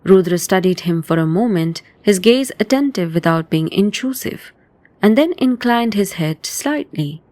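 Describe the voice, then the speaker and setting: A woman narrating a supernatural audio thriller in a measured, descriptive way. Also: mid-range voice, expressive, darkish tone, dry recording. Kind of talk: scripted audio drama narration.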